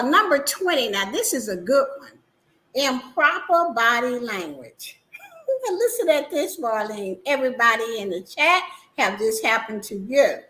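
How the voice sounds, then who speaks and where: A woman hosting a casual livestream talk show, animated and emphatic, often laughing as she talks. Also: fairly high pitch, rough recording. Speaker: livestream host.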